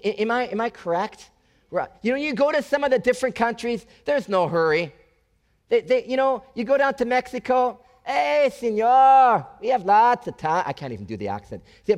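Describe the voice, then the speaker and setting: A male pastor preaching a lively, conversational sermon to his congregation, often asking them questions. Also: high voice. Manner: animated, conversational, talks to the congregation with repeated questions.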